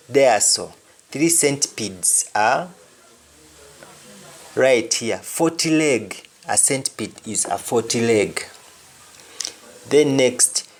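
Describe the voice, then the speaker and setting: A male teacher walks through a language lesson at a slow, measured pace. His voice sits at an ordinary middle pitch. He repeats each example phrase twice before he explains it. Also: lively intonation.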